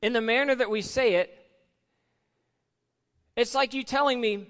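A man with a high voice gives a relaxed, conversational sermon and often restarts his sentences. His words ring out with a long reverb from a large hall. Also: unhurried, long pauses. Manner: conversational, repeats words while searching for phrasing. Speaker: pastor.

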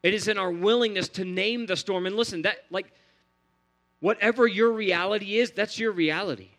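A man's voice: high voice, normal speed, a bit bright. A man preaching a sermon in an earnest, repetitive cadence, building phrase on phrase. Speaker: pastor.

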